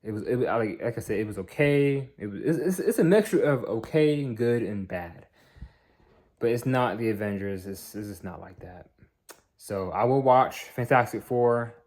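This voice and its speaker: A man's voice: mid-range voice, animated, moderate pace, a little mellow. A tired young man giving a casual, rambling movie review, often repeating and restarting his words.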